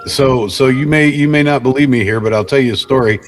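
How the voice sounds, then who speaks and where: A man on a live panel telling a story in a calm, rambling way, restarting his sentences often. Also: mid-range voice, brisk, soft background music. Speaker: panel guest.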